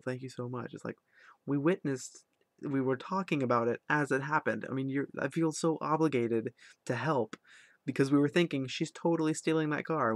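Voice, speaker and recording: A man's voice: medium pitch, vocal fry, no echo, studio quality. A young man telling a long story in a casual vlog, rambling with lots of ums and likes. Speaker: vlogger.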